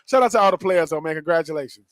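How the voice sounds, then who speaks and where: Man, higher voice, dry close sound, animated slangy sports talk, repeats himself playfully. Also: very fast, dry recording. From Southern US. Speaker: co-host and former player.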